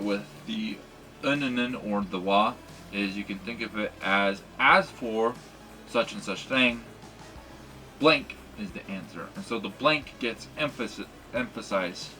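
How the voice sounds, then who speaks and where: A man's voice: lowish voice, bright, forceful tone. A man teaching a language lesson in a casual, rambling way, with many fillers and restarts.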